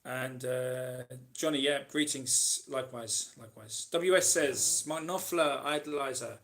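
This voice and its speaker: A man from Britain hosts a relaxed live Q&A, answering viewers' comments off the cuff. His voice sits at an ordinary middle pitch. He meanders, restarts sentences and fills gaps with ums and "you know". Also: unhurried. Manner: rambling, chatty, with many ums and restarts. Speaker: host answering live chat questions. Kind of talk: casual live Q&A chat.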